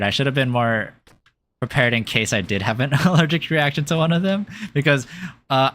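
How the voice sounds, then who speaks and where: A man streaming a game, chatting casually and rambling, often giggling and filling pauses with um and uh. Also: mid-range voice, sharp tone. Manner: rambling and giggly, with many fillers. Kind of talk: casual chat while playing a game.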